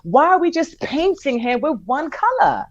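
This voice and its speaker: A woman's voice: high voice, normal speed. A woman co-hosting a podcast, making her case expressively through an extended metaphor. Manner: expressive, builds points with metaphors. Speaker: podcast co-host. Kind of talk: casual commentary chat. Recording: slightly muffled dry mic.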